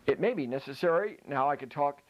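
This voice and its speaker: A man's voice: on the high side, lively intonation, fairly quick. Guy lecturing for laughs, voice bouncing all over, muffled lo-fi recording. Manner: jokey, demonstrates ventriloquism with food in mouth. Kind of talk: playful comic lecture.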